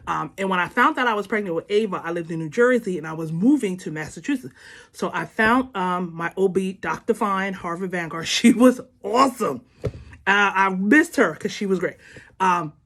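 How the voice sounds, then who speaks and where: A woman in her thirties telling a family story to her viewers in a casual, animated way, often laughing and calling them y'all. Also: medium pitch.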